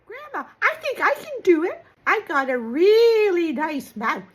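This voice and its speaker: An older woman voicing an excitable big-mouthed puppet in a children's puppet show. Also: very high-pitched, a little slow, exaggerated voice. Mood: excited.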